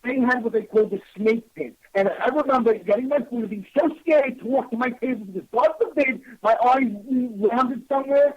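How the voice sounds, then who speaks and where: A man's voice: very high-pitched, brisk, few pauses. A man with a New York accent hosting a radio show, telling stories in a blunt, salty, casual way. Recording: slightly muffled lo-fi radio audio.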